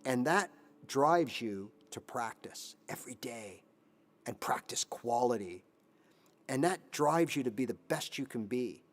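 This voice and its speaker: A man in his fifties who hosts a guitar channel, giving animated motivational advice on a live stream and now and then singing a line. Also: mid-range voice, unhurried. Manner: animated, sings snippets, voices his inner brain. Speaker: guitar teacher, channel host.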